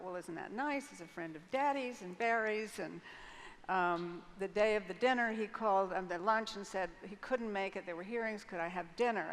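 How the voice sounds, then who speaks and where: Older woman recounting frankly on stage. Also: on the low side. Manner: frank, vivid retelling with hesitant restarts. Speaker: interview guest. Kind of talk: candid personal storytelling on stage. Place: large conference hall stage. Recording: long hall reverb, faint noise.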